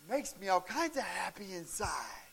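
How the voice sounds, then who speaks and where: A middle-aged male pastor telling stories in a sermon, animated and breaking into shouts and laughs at the peaks of a story. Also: high-pitched, moderate pace, gravelly, husky. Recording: faint hiss.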